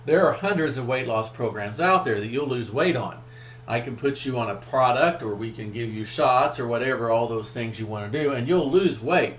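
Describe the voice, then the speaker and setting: Middle-aged male presenter, upbeat webinar pitch, echoey room, faint hum. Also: lively intonation, moderate pace. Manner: upbeat sales pitch, emphatic. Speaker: weight loss program presenter.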